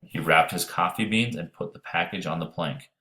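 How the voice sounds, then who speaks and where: A man with a very deep, low voice reads an audiobook chapter aloud. His delivery is steady and measured, and he tells the story plainly. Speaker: audiobook narrator. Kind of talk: audiobook narration.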